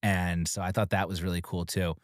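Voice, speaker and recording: A man co-hosting a podcast in casual chat, animated and jumping into high voices when he quotes characters. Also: fairly quick, dry recording, studio quality. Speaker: podcast co-host.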